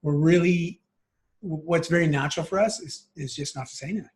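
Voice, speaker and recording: Fast-talking earnest man in his thirties. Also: on the high side, darkish tone. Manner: earnest, reflective, many fillers and restarts. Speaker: guest, men's group founder. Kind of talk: casual interview chat.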